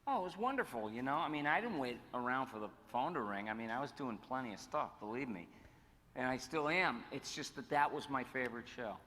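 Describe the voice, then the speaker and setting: Bright, animated man in his sixties. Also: mid-range voice, brisk. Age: 60s. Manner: animated, acts out quotes, restarts phrases. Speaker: guest voice actor on a convention panel. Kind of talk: storytelling in a panel Q&A. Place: convention panel hall. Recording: echoey hall with faint noise.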